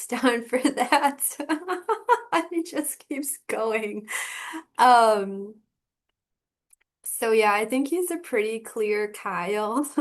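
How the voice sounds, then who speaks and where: Slow-talking giggly woman commentator. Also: mid-range voice. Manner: giggly, amused, relaxed reactions. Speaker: personality typing channel host. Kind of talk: casual commentary on a clip.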